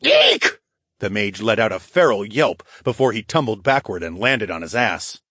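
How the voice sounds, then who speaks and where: A man narrating a first-person fantasy audiobook in a gruff, profane, animated way. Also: on the low side, normal speed, no room sound, clean studio sound.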